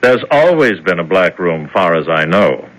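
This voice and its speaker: An actor playing a calm, detached male overseer who speaks in a slow, knowing way, 1970s radio drama style. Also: sits low, poor audio.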